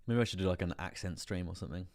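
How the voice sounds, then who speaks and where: Another casual crypto stream has this man talking over price charts, laughing a lot and saying things twice as he goes. He speaks very fast in a low, darkish voice with vocal fry.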